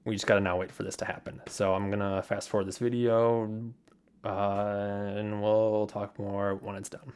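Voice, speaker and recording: A young man talks through his development setup at his desk in a loose, rambling way, circling back on his words and filling pauses with ums and uhs. His voice sits a little low, and the delivery is relaxed and unscripted, like a casual screen recording. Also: clear, resonant tone. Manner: rambling, filler-heavy, repeats himself.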